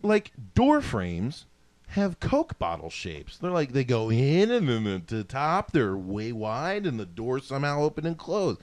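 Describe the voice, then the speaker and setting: A man co-hosting a podcast, chatting casually in animated, self-mocking rants with plenty of swearing. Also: mid-range voice, unhurried, dry recording. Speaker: podcast co-host. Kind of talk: casual chat.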